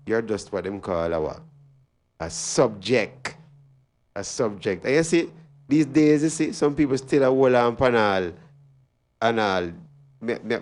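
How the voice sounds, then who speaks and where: A man's voice: lowish voice, darkish tone, a little hiss or hum. A man with a Jamaican accent hosting a talk radio show, speaking in an emphatic, preachy way and repeating his key phrases. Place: radio studio.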